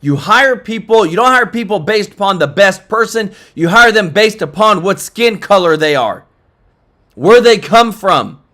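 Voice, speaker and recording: A man's voice: high voice, lively intonation, measured pace, pushed and bright. A young man hosting political reaction commentary, fired up and talking straight to his viewers.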